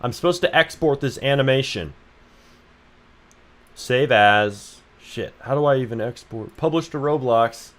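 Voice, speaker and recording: A man's voice: mid-range voice, a little slow, a bit bright. A young man streaming game development who jokes, swears freely and reads his chat aloud. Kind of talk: casual livestream chat.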